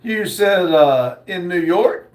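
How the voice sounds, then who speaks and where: A man hosts a livestream and reads viewer comments out in a slow, relaxed drawl, pausing often and joking as he goes. His voice sits high for a man. The sound carries a roomy echo. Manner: slow drawl, unhurried, joking, with frequent "uh" pauses. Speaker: livestream host. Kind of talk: casual livestream chat, reading viewer comments aloud.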